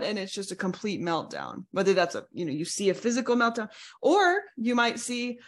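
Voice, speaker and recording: A woman's voice: medium pitch, very animated, normal speed, a bit bright. A woman coach talking through a podcast lesson step by step, reassuring and now and then acting out quoted voices. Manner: reassuring, explains in steps, acts out quoted voices. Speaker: betrayal recovery coach. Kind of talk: podcast teaching talk.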